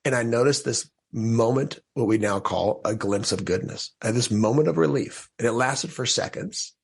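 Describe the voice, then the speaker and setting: A man guest on a podcast telling a candid personal story in an animated way, acting out his own past thoughts with restarts and quick laughs. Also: mid-range voice, vocal fry, husky.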